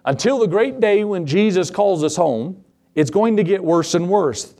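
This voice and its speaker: A man's voice: high-pitched, animated, moderate pace, dark tone. A man preaching a sermon, reading scripture and speaking earnestly, drawing out key words. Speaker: pastor.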